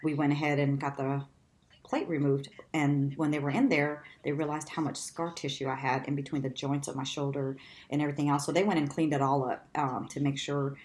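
A woman guest in an interview, telling a long personal story in a lively, conversational way and laughing often. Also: fairly quick. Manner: animated, laughs often, acts out quotes in a much higher voice.

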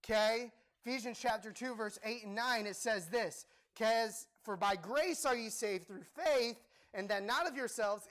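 A young male preacher delivers his sermon with a noticeably high voice. He keeps things lively, slipping in jokes before pressing his points with emphasis. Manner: animated, joking, emphatic.

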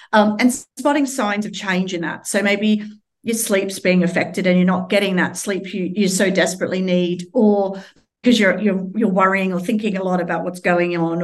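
A woman with an Australian accent, a charity representative answering interview questions in an earnest, explanatory way with frequent restarts. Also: medium pitch.

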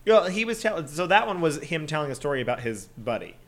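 A man's voice: on the high side, very animated, fast, fairly bright tone. A man co-hosting a casual podcast, reading a scary story aloud and joking with his friend. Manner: joking, laughs often. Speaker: co-host reading creepypasta.

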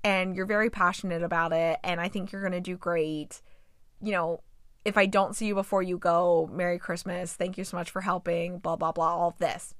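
A young woman hosts a movie review podcast, casually recapping a film's plot and acting out the characters' lines with incredulous reactions. Her voice sits on the low side with fairly even intonation and a moderate pace. The recording is dry and studio quality.

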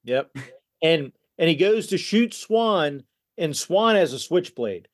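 A man appearing as a podcast guest, calmly recounting a film's plot in casual conversation with frequent restarts. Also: on the high side. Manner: relaxed, halting retelling with restarts. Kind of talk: casual film discussion.

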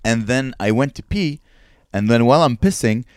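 A man's voice: medium pitch, normal speed, clean tone, no room sound. A young man co-hosting a casual podcast, joking crudely and telling stories with lots of energy. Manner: joking, crude, animated storytelling. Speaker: podcast co-host.

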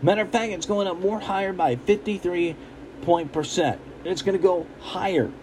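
A young man talks in a blunt, emphatic, repetitive rant, his voice sitting a little high for a man. He speaks casually as a commentator, and a faint hum of a vehicle runs underneath. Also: normal speed, darkish tone, rough recording. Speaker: political commentator. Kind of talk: casual ranting monologue.

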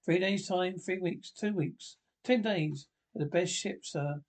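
A man voicing an excitable, boastful older gentleman squire in a storybook reading, talking eagerly and with loud confidence. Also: high-pitched, measured pace. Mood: exultant.

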